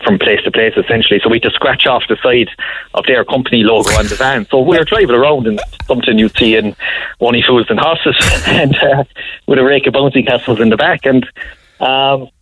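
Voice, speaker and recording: An Irish man in his thirties phones in to a radio show and spins a long, wandering tale, often chuckling and starting his sentences over. His voice sits at a medium pitch, moves a little fast and sounds slightly rough. The recording is dry and muffled.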